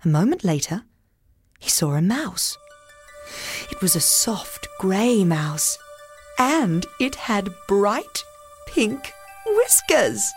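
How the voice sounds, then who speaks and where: A woman slowly reading a children's story aloud in a clear, expressive way. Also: medium pitch, faint music behind. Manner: slow, expressive. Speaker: narrator.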